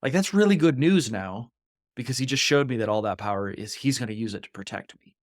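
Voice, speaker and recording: A man's voice: mid-range voice, animated, brisk, no room sound, studio quality. A man co-hosting a podcast who talks through a Bible passage in an earnest, reflective way, sometimes acting out the voices he quotes. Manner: earnest and reflective, acts out voices when quoting. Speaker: podcast co-host. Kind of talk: conversational Bible discussion.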